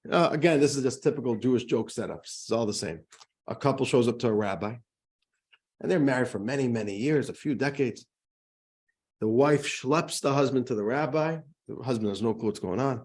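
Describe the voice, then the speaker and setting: A man, a rabbi, teaching a class in a conversational, animated way, chuckling as he tells jokes. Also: medium pitch, a little fast. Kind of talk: lecture with jokes.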